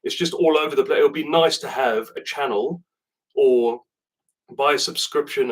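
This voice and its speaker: A man's voice: mid-range voice, far from the mic. A man from South Africa who speaks with a southern English accent, chatting casually as a rugby video host and rambling through viewer questions with asides and restarts. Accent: British, southern English. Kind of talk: casual chat to camera.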